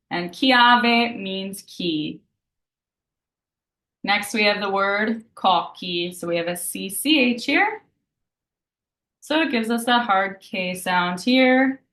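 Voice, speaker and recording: A woman teaching a live beginner Italian lesson, patiently explaining each rule and slowly repeating example words. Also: medium pitch, fairly bright tone. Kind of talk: live online language lesson. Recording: roomy echo.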